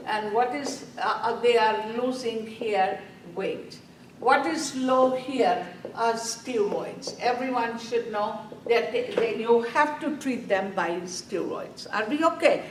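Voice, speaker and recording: Woman, nursing instructor, slow emphatic classroom lecture, distant echoey recording. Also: fairly high pitch, a little hiss or hum. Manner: quizzing students with repeated questions, slow and emphatic.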